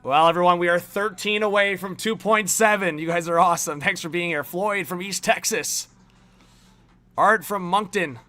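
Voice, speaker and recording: An energetic man hosting a live stream, reading chat names off one after another. His voice sits a bit high and comes across bright and forceful, with frequent laughs between shout-outs. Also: normal speed. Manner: upbeat, rattles off viewer names, laughs often.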